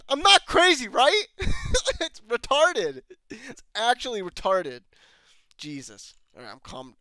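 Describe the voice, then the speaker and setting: An exasperated man rants as a reviewer, swearing and breaking into incredulous laughs. His voice swings widely in pitch and sounds bright and clean. The room is dry, with no echo. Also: clear, resonant tone. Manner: exasperated, profane, laughs in disbelief. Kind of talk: angry reaction rant.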